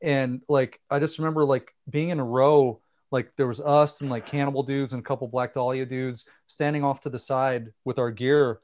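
A man telling an animated tour story in casual chat, swearing and acting out what people said. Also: medium pitch, moderate pace, hardly any pauses, lo-fi sound.

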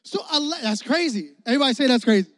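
A youth pastor delivers an energetic sermon in a high, animated, slightly bright voice at a very fast pace. He keeps it casual and joking, calls for responses from the crowd, and laughs often, with a long hall reverb on the recording.

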